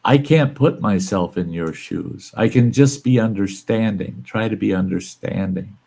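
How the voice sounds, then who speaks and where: A man in his sixties hosts a casual live-stream chat in a lowish, warm, unhurried voice with vocal fry. He speaks emphatically and rises into exclamations when he gets worked up.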